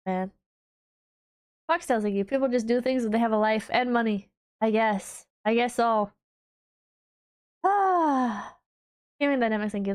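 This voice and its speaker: A high-pitched woman from the United States chatting casually on a stream. She rambles and swears, and she keeps jumping into loud, incredulous disbelief. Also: a little slow, pauses often. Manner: rambling, profane, exasperated mock disbelief with laughing outbursts. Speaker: VTuber streamer.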